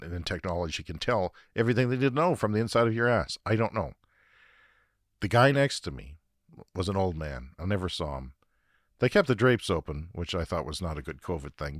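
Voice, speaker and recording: Canadian male podcast host, comic monologue, swears freely, lively pitch, dry sound. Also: no room sound. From Saskatchewan, Canada. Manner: profane, ranting, self-deprecating. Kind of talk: comedic storytelling monologue.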